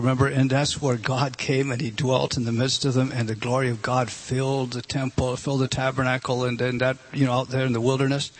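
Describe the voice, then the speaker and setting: A man preaching a sermon, emphatic and earnest, often dropping to a low, soft voice to drive a point home. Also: husky.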